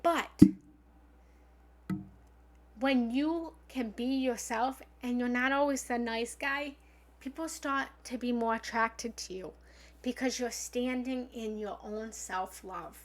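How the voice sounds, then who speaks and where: A woman giving a livestream self-help coaching talk as a spiritual love coach, blunt and emphatic, swinging from loud bursts to soft asides. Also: fairly high pitch, takes it slowly, long pauses. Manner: blunt, occasionally swears.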